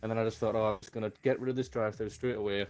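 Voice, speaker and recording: A man, a racing driver telling his race in brisk, self-deprecating storytelling. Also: on the low side, steady tone, darkish tone. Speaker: sim racing driver being interviewed. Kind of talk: casual post-race chat.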